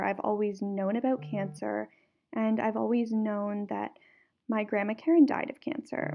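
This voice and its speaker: A woman's voice: a little high, gravelly, dark tone. A young adult woman from Canada hosting a podcast, telling her personal story in an earnest way and often repeating words for emphasis. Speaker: podcast host.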